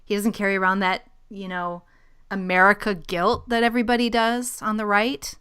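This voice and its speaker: A woman's voice: medium pitch, steady tone, moderate pace, fairly bright tone, clear, resonant tone. A woman hosting a podcast, chatting casually about the news in a blunt, opinionated way. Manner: opinionated, blunt, laughs often. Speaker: podcast host.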